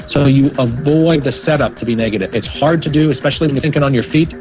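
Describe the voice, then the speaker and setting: A man speaking as a psychologist guest in an interview, giving measured advice and often repeating words as he thinks. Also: medium pitch, over music, poor audio. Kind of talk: interview answers.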